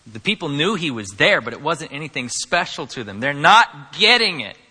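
A man preaching a sermon, moving from quiet, conversational asides to loud, emphatic declarations. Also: fairly high pitch, very animated, moderate pace, husky. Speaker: pastor. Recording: long hall reverb.

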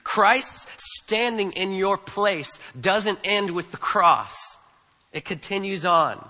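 A man's voice: high voice, expressive, slow pace, sharp tone, long reverb tail. A man preaching a sermon, emphatic and repetitive, often asking the congregation questions. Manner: emphatic, repeats phrases, asks the congregation questions. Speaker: pastor.

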